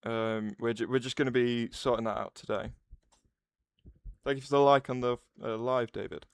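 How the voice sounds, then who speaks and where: A man's voice: mid-range voice, fairly even intonation, normal speed, clear, resonant tone, no room sound. A man hosting a casual livestream, rambling, restarting his sentences and answering chat messages aloud.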